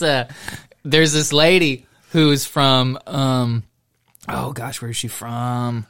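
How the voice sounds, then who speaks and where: A man's voice: mid-range voice, slow, fairly bright tone. A man co-hosting a casual podcast, reading a news article aloud and chatting, laughing often as he goes.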